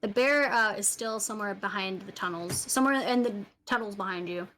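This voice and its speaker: A woman's voice: medium pitch, fairly quick, fairly bright tone, a little hiss or hum, low-quality recording. A woman narrating a tabletop game as dungeon master, often laughing as she describes the scene.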